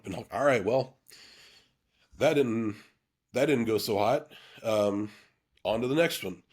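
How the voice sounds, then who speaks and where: A man of middle pitch tells his own story to the camera in an earnest, open way. His delivery is halting, with frequent restarts, repeated words and fillers. He sounds like he is talking through something personal rather than reading a script. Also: a little mellow, husky. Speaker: YouTube channel host.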